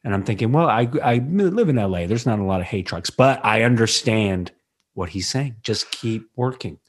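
Man, podcast co-host, husky low voice, animated storytelling. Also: moderate pace. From Los Angeles. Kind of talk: casual chat.

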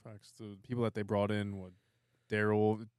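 A man on a fan podcast who talks in a brash, excitable way and swears freely. His voice sits fairly low. The sound is dry and close. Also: moderate pace, smooth, no echo. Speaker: podcast co-host. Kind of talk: casual fan podcast chat.

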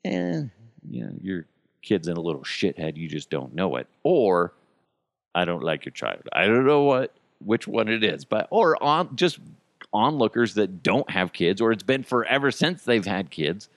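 A man's voice: fairly low pitch, very animated, moderate pace, no room sound, clean studio sound. A middle-aged man hosting a podcast, ranting casually about everyday annoyances, swearing freely and chuckling as he goes. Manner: profane, chuckling, exasperated venting. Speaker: podcast host.

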